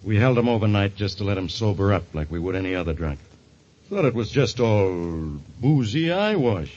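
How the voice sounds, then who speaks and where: A blunt police inspector with a husky, lively voice and gruff, folksy slang. The recording is dull and lo-fi, like old radio. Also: male voice, fairly low pitch, normal speed. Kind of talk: 1940s radio acting.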